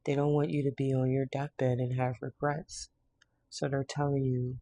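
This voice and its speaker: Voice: mid-range voice, little pitch movement, normal speed, mellow, no room sound. A tarot card reader in a casual reading, blunt and slangy, laughing now and then. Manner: laughs often.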